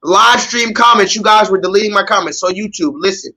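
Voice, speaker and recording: A man's voice: high-pitched, a little fast, pushed and bright, poor audio. A man hosting a live stream, ranting in a sarcastic, mock-pleading and profane way. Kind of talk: livestream commentary rant.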